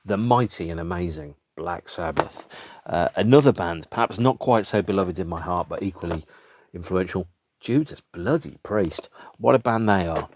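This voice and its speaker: A man in his fifties from Birmingham, England, hosts a casual solo podcast, delivering a wry, self-mocking monologue packed with asides. His low-sitting voice has lively intonation and a normal pace, with a little hiss or hum in the audio.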